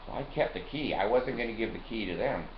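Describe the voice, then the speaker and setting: Man, mid-pitched, rambling profane storyteller, roomy dull lo-fi recording with faint hiss. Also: fast talker. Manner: profane, digressive, laughs between lines.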